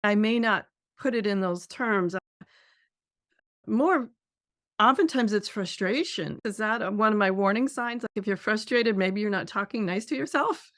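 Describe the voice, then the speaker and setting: A woman's voice: medium pitch, moderate pace, fairly bright tone, dry recording, studio quality. A middle-aged woman hosting a podcast, asking chatty, reflective questions. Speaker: podcast host. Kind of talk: podcast interview.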